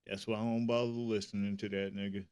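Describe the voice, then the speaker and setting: A man's voice: lowish voice, level tone, quick pace, darkish tone, clear, resonant tone, dry recording. A man chiming in on a casual chat with short, slangy, crude remarks. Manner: short laid-back replies, slangy and crude.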